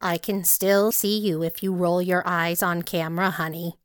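An older mother who gently nags her grown daughter, motherly and persistent, voiced by a woman narrating. The sound is dry and close, with no room around it. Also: fairly low pitch, fairly even intonation, moderate pace, clear, resonant tone, dry recording, lightly acted. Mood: nagging. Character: older mother on a video call.

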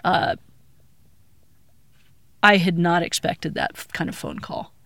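A middle-aged woman from Colorado recounting her past as an interviewee, a lively storyteller who acts out the voices she quotes. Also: lowish voice, moderate pace, no room sound, clean studio sound.

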